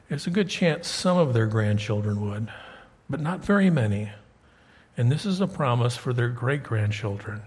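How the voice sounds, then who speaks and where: A middle-aged pastor gives a sermon from his church pulpit in a mid-range, somewhat husky and breathy voice. He keeps things conversational with the congregation, swelling with emphasis on the key points.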